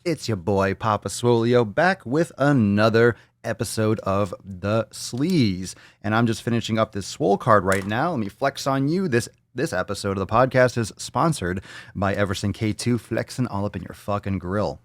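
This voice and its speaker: A man hosting a casual livestream podcast, joking and swearing loudly with hype-style bravado. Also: lowish voice, animated, moderate pace, no room sound. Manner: brash, joking, profane hype talk. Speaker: podcast host.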